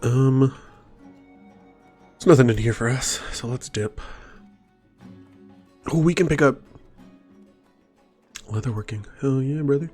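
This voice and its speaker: A man's voice: mid-range voice, takes it slowly, long pauses, a little mellow. A man streaming a game, rambling and wondering aloud as he plays. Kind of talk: casual gameplay commentary. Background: faint game music.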